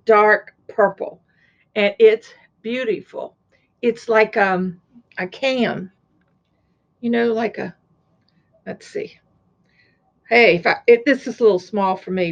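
A woman's voice: mid-range voice, slow, creaky, pauses often, dull audio. An older woman from Florida chatting casually on her crafting vlog, gushing over gifts and showing what she has sewn and crocheted. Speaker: crafting vlogger. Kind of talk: casual show-and-tell chat.

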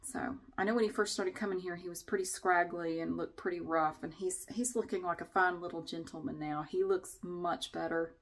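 A woman's voice: lowish voice, steady tone, moderate pace, few pauses. Woman vlogger at home, chatty and casual, sing-song when she talks to her pets. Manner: chatty, slips into sing-song baby talk with her cats. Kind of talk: casual home vlog chat. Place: at home, in a bathroom.

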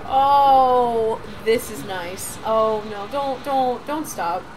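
A woman's voice: fairly high pitch, extremely slow, background noise. A woman co-hosting a video game let's play, chatting casually, teasing, swearing freely and laughing often. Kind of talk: casual gameplay chat.

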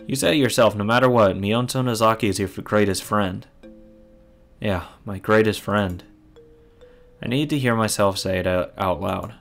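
A man's voice: lowish voice, normal speed, a bit bright, faint music behind. A man reading a visual novel aloud and adding heated, profane commentary. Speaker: let's play host.

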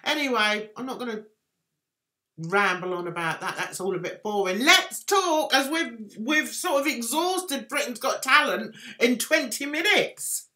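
A woman's voice: a little high, expressive, unhurried, bright, forceful tone. A woman hosting a casual live stream, rambling and self-deprecating as she chats with viewers. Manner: chatty, rambling, self-deprecating, reads chat aloud. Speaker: livestream host.

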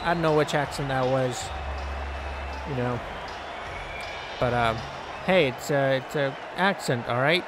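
A man giving casual, joking commentary over his own video game play, yelling at the players on screen. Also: mid-range voice, unhurried, pauses often, crowd noise, background noise. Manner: excitable, jokey, scolds the game's players aloud. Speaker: gaming channel host.

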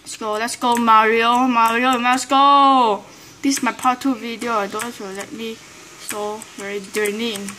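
High excitable woman gamer. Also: a little slow, slight background noise. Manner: excitable, frequent exclamations and groans, broken English. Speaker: gameplay commentator. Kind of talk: live gameplay commentary.

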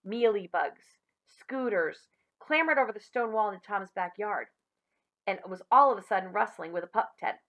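Bright-voiced woman reading to children. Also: medium pitch, normal speed. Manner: warm, expressive storyteller addressing children. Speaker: teacher reading aloud to children. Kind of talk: children's story read-aloud.

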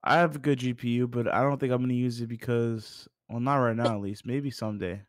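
A man's voice: mid-range voice, fairly quick, dry recording. Man with a dry, teasing voice. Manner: teasing, deadpan. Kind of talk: casual gaming chat.

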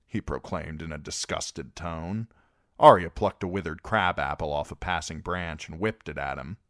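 A man narrating a novel as an amateur audiobook reader, expressive and animated. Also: extremely low pitch, a little slow, no echo, clean studio sound. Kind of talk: storybook narration.

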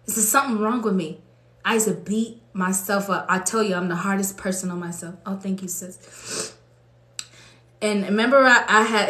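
A woman preaching with emotion, building to fervent, high-pitched exclamations as she speaks to her listeners. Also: a bit bright, roomy sound. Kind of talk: impassioned preaching.

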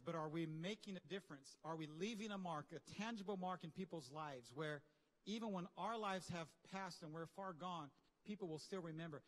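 Man, pastor, high voice, animated casual preaching, long church-hall reverb. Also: a little fast. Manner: animated, conversational preaching with slang and asides. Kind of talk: sermon.

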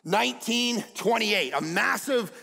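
A man in his forties preaching a sermon as pastor, telling stories animatedly and shouting some lines for emphasis. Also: high-pitched, a little slow, creaky, slightly rough, in a large hall. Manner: animated storytelling, acts out quotes, shouts for emphasis.

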